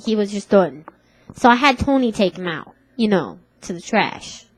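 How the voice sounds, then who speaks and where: A woman's voice: medium pitch, big pitch swings, moderate pace, no echo, poor audio. A woman in her twenties telling a comic story in a put-on Brooklyn accent, rambling and tough-talking. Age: 20s.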